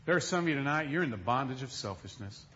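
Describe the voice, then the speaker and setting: A middle-aged man preaching a sermon, telling a story with acted quotes, moving from loud to hushed. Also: mid-range voice, lively intonation, fast talker, lo-fi sound. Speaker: pastor.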